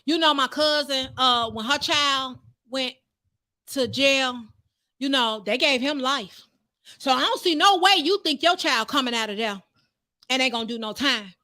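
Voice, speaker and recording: A woman's voice: high-pitched, measured pace, sharp tone, voice pushed down. A woman voicing a nosy gossiping woman who tells grim stories in a knowing, discouraging tone.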